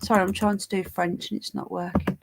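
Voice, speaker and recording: Brisk and flat in pitch, with a mid-range voice and vocal fry, a woman hosts a news livestream through a stuffy head cold. Her reading of headlines and chat comes laced with sarcasm, scorn, and chatty side comments to viewers.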